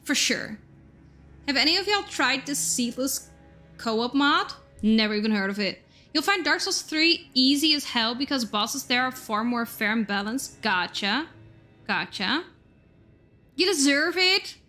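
A young woman streaming a game live, chatting with her viewers in an excitable way and swearing now and then, with faint game music behind her. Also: high voice, normal speed. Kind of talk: casual live-stream chat while gaming.

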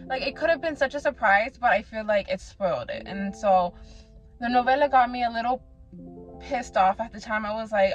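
A woman's voice: medium pitch, moderate pace. A woman reviewing books in a casual vlog chat, rambling and acting out her own past reactions. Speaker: book reviewer. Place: away from her home. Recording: slightly muffled, with background music.

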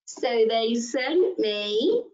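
A woman leading a children's story session, talking to toddlers in an animated sing-song way, gasping with delight and coaxing them to join in. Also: fairly high pitch, drawn-out words, highs cut off. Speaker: early years practitioner.

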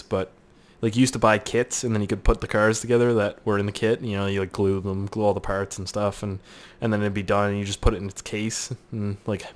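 A young Canadian man with a Canadian accent giving casual let's-play commentary, excitable and profane, yelping and swearing while he plays. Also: on the low side. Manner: excitable and profane, yelps and swears at other cars. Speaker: gaming YouTuber. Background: game music and car engine sounds.

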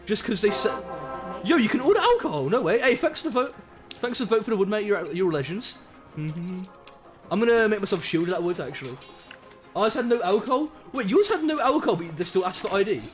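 Brief: young Brummie man, game streamer, high bouncy voice, slangy and excitable, hums along often, faint music under him. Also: a little fast. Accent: Birmingham English. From Birmingham, England. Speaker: live streamer. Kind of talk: casual gaming stream chat.

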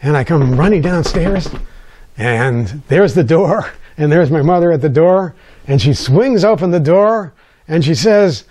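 An older American author tells a personal story, his delivery animated and wry with quiet asides. His voice sits on the high side and he takes his time.

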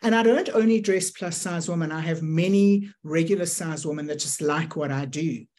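Low husky-voiced woman, earnest. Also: moderate pace, darkish tone. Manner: earnest storytelling. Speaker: fashion designer. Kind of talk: casual panel chat.

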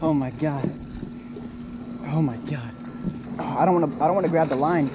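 A young man filming himself fishing outdoors, excitedly narrating his catches and repeating exclamations as he reels them in. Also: on the high side, moderate pace, noisy background. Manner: excitable, repeats exclamations while reeling in fish. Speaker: fishing vlogger. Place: outdoors by the water.

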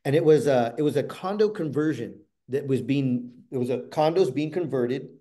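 A middle-aged man giving a motivational storytelling talk, animated and swinging from loud bursts to hushed asides. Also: medium pitch, normal speed. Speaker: motivational speaker.

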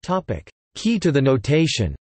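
A synthetic male voice reads an encyclopedia article in a flat, even manner, spelling out formula markup letter by letter. Its pitch sits in a middling range for a man. The sound is close and dry, with no room around it. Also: moderate pace, no echo. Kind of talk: text-to-speech article reading.

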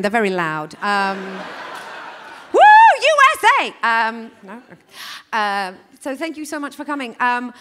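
A woman's voice: a little high, sharp tone. A woman doing stand-up, chatty and self-mocking with lots of fillers, then presenting thanks at the end of an event on a concert hall stage. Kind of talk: stand-up comedy. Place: large concert hall stage, live audience.

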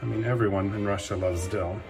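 A man hosting his own cooking channel, talking through a recipe in a relaxed, chatty way with frequent filler words. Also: lowish voice, fairly quick, gravelly, reverberant, faint music behind. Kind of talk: casual cooking demonstration.

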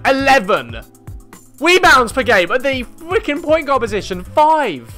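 Hyped gamer man, shouting over music. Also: very high-pitched, big pitch swings, measured pace. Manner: hyped, shouts and swears at the game. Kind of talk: excited gameplay commentary. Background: game music.

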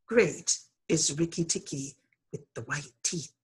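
A silly little male songbird , as a woman reader puts him on, chirping his words in a sing-song, flattering way. Her voice under him stays husky and fairly low. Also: unhurried, heavily acted.

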